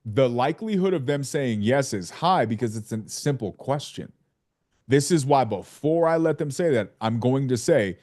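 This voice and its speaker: A male sales coach leading a live training session with an emphatic, playful delivery. He acts out his side of sales calls as he teaches. His voice sits in an ordinary middle pitch. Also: expressive, moderate pace, a little mellow. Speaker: real estate sales coach.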